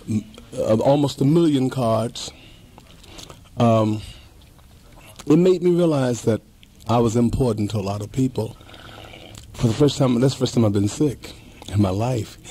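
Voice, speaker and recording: A man's voice: medium pitch, mellow, breathy edge. A man in his fifties, talking in a casual interview with emphatic, heartfelt repetition. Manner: emphatic, repeats himself, heartfelt. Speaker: interview guest.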